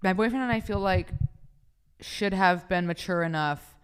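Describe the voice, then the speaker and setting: A woman's voice: medium pitch, moderate pace, clear, resonant tone. A young woman hosting a casual podcast, reading listener stories aloud and reacting bluntly with lots of swearing. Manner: profane, laughing, blunt. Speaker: podcast host.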